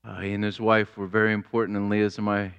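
A man preaching a sermon as pastor, deliberate, building to fervent exclamations. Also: on the low side, flat delivery, fairly bright tone, clear, resonant tone.

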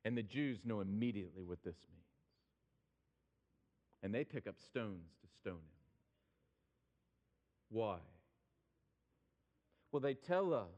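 Slow, emphatic male preacher in a reverberant hall. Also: on the high side, big pitch swings. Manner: emphatic preaching, slows down on quoted scripture. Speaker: pastor. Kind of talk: sermon.

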